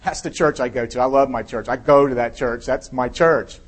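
A man's voice: medium pitch, normal speed, close to an everyday voice. A male pastor voicing an eager shipwrecked castaway man in a joke, with the castaway earnestly repeating himself.

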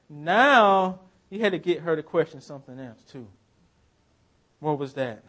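A male pastor delivering a sermon with emphatic preaching. His delivery swings from loud to hushed. His voice sits a little high for a man. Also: normal speed.

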